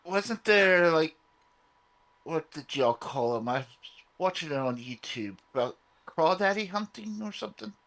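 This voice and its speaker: A man's voice: a little high, lively intonation, measured pace, fairly bright tone. A man chats casually as a player at a tabletop role-playing game. He talks unhurriedly, drawling his words at a leisurely pace.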